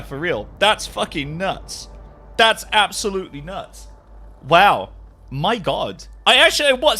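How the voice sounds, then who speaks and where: Lively, bright-voiced man streaming to chat. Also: high voice. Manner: animated, swears freely, laughs often. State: jet-lagged. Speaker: live streamer. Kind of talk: casual livestream chat with viewers.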